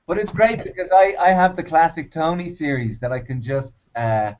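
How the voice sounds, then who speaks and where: Laid-back podcast guy, even-keeled, teases his cohost, dull recording. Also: fairly high pitch, soft background music. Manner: calm, measured, teasing. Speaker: podcast co-host. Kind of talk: casual chat. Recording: slightly muffled lo-fi.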